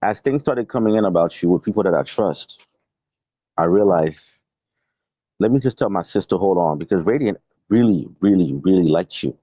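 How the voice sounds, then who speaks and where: A man delivers a heated, profane live-stream rant with a confrontational edge. His voice sits low and mellow but jumps around a lot in pitch. The sound is dry and dull, like lo-fi stream audio. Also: lively intonation, normal speed, no echo.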